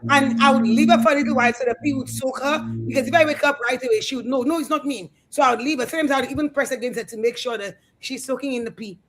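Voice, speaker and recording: A middle-aged woman co-hosting a casual talk show, telling animated family stories and acting out the voices. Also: sits high, racing, hardly any pauses, a little hiss or hum, poor audio. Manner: animated storyteller, acts out quotes. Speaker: co-host. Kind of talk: casual storytelling chat. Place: studio.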